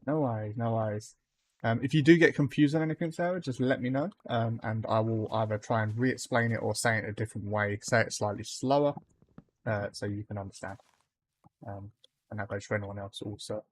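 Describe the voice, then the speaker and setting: A man streams a game live, chatting casually with viewers, greeting them by name, and using plenty of ums; he mentions that his accent can be hard to follow. His voice is on the low side, steady in tone, and fairly quick.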